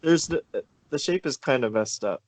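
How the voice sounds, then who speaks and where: Deadpan teasing young man. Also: mid-range voice, normal speed, no echo. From Maryland. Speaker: podcast co-host. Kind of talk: casual chat.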